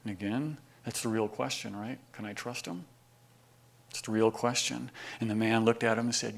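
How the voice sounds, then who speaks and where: A man, preaching a sermon and telling a story, moving between hushed asides and emphatic lines. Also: on the low side, steady tone, moderate pace, gravelly. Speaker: pastor.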